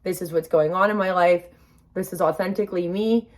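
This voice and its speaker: A woman's voice: lowish voice, steady tone, fairly quick. Numb-mouthed young woman vlogging. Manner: chatty, upbeat, self-reassuring. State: numb-mouthed after dental work, emotional. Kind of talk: casual vlog to camera.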